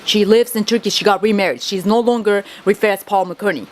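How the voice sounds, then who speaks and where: A woman's voice: mid-range voice, fairly quick. A woman whose first language is Kurdish, venting to camera in a rambling, agitated, swearing monologue that keeps circling back on itself.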